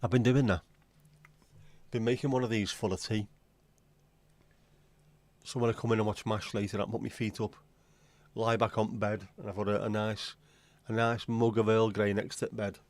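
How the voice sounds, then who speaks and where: Chatty man with a lowish voice. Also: level tone, normal speed, long pauses. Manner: chatty, crude, self-mocking jokes. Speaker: livestream host. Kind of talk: casual livestream chat.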